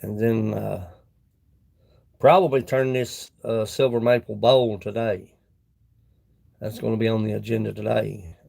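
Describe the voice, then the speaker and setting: Gravelly man chatting on a live stream. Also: fairly low pitch, fairly even intonation, unhurried, long pauses, darkish tone. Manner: rambling, chatting to viewers between tasks. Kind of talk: casual live-stream chat. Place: woodworking shop.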